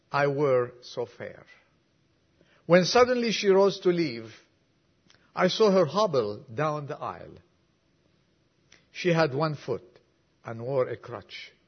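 A man preaching in a slow, unhurried sermon with a gravelly, husky edge to his fairly high voice. He drops to near whispers on quiet lines and climbs to urgent appeals. The recording is dull and lo-fi. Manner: reads poem softly, sinking to a whisper, then preaches with rising fervor.

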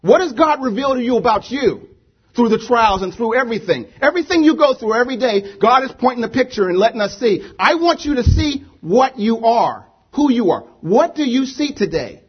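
A man's voice: extremely high pitch, sing-song, brisk, husky, dull audio. A man preaching a sermon to a congregation, emphatic, repeating rhetorical questions. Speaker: pastor. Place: church with a congregation.

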